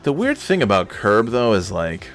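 Laid-back low-voiced podcast host. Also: male voice, huge pitch swings, normal speed, faint music behind. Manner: loose, profane, digressive. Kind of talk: casual solo podcast rambling.

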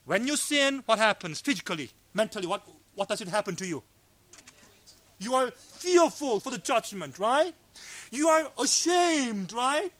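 A pastor preaching a sermon at a fellowship meeting, swinging from loud cries to hushed low tones, in English that is not his first language. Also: expressive, measured pace, no room sound.

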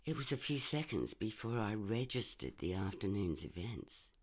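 A woman reading a first-person short story aloud in a measured, expressive way. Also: a bass voice.

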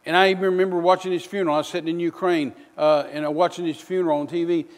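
A male missionary preacher delivering a sermon, telling folksy stories with bursts of loud outrage. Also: on the high side, little pitch movement, racing, big-room sound.

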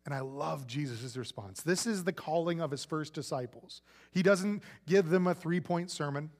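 A man's voice: a little high, normal speed, in a large hall. A male pastor preaching a sermon in a conversational, playful way, acting out quoted voices.

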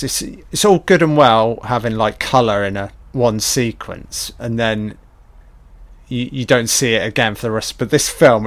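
A man giving a casual, profane audio commentary on a film, reacting excitedly as he watches. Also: on the low side, dry recording.

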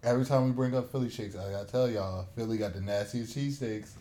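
A man in casual group chat, telling jokey stories in an animated way. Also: medium pitch, fast.

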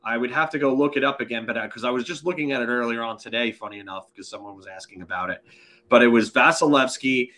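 A man's voice: mid-range voice, quick pace, sharp tone. A man co-hosting a casual sports podcast, rambling with many fillers and restarts. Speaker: podcast co-host.

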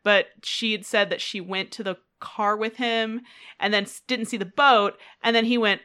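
A woman's voice: a little high, fairly even intonation, moderate pace, pushed and bright, clear, resonant tone. A woman co-hosting a true crime podcast. She reads her case notes steadily, then chats, laughs and acts out what people said. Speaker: podcast co-host.

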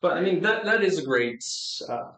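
A man's voice: a little high, expressive, normal speed, bright, forceful tone. A man co-hosting a podcast in casual chat, joking and rambling with frequent restarts, recorded on location inside an old hospital. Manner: joking, rambling, starts over often. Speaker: podcast host. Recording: echoey room in an old building.

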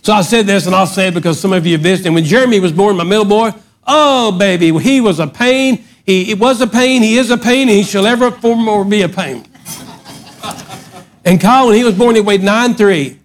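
A middle-aged man preaching a sermon, swinging from loud emphatic outbursts to hushed lines. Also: sits high, a little fast. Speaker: pastor.

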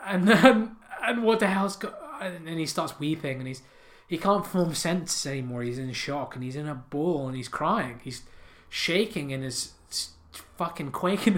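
This podcast host, a man with a slightly high voice, rambles through ridiculous comedic tales into his mic, cursing and cracking himself up along the way.

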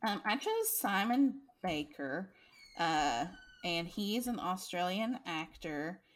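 A woman co-hosting a casual podcast chat, rambling through her thoughts in an animated way. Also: fairly low pitch, slow pace. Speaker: podcast co-host.

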